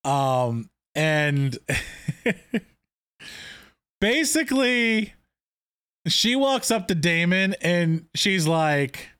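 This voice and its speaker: Chatty, higher-voiced man recapping a show. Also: sing-song, extremely slow, pauses often, a bit bright, clear, resonant tone, dry recording, clean studio sound. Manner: enthusiastic, retells scenes with quoted lines, many fillers. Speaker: podcast co-host. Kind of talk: casual TV recap chat.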